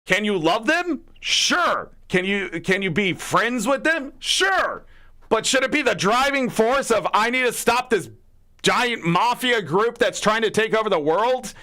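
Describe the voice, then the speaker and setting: A man's voice: high-pitched, animated, a little slow, sharp tone. A man hosting a gaming livestream, ranting heatedly with lots of swearing and rhetorical questions. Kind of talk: casual livestream rant.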